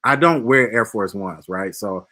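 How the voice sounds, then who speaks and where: A man's voice: lowish voice, measured pace, pushed and bright. Laid-back man telling stories. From Detroit, USA. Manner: loose storytelling, swears freely. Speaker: podcast host. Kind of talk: casual chat.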